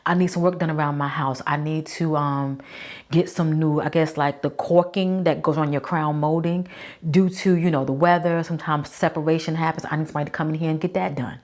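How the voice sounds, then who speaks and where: Low voiced woman in her 40s just chatting to her audience, emphatic, calls u baby. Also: fairly even intonation, brisk, a little mellow. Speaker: podcast host. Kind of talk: casual talk to camera.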